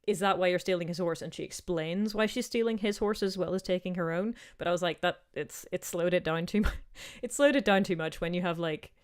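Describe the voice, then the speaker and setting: A woman in her thirties with a softened Northern Irish accent, chatting casually as she answers viewer questions on a livestream, rambling with plenty of "um" and "like". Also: on the low side, brisk, clean tone. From Northern Ireland. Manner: chatty and rambling, with many "um" and "like" asides.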